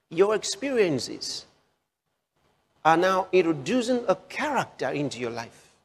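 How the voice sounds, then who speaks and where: Slow-preaching man in a reverberant hall. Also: on the high side. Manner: slow, repeats phrases for emphasis, drawn-out pauses. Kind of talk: sermon.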